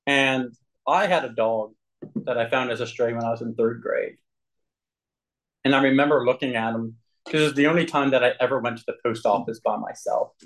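A man sharing his personal recovery story with a group, earnest and candid, with frequent throat clearing. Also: mid-range voice, steady tone, a little fast, fairly bright tone, rough recording.

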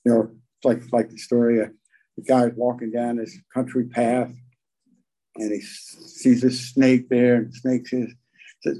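An older man telling his recovery story at a meeting, folksy and halting, with frequent pauses. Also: mid-range voice, fairly even intonation, dark tone, poor audio. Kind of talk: personal recovery talk.

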